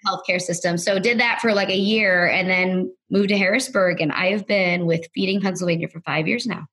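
A woman's voice: fairly low pitch, steady tone, brisk, a bit bright, husky. A woman guest on a podcast interview, telling a story casually, full of "like" fillers, sometimes acting out what others said. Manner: rambling, heavy use of "like" fillers; acts out other people's lines in quoted voices.

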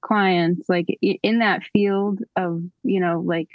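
A young adult woman, a singer-songwriter guest, speaking in relaxed casual chat full of fillers. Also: on the low side, slow pace, dry recording, highs cut off. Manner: relaxed, filler-heavy, reassuring.

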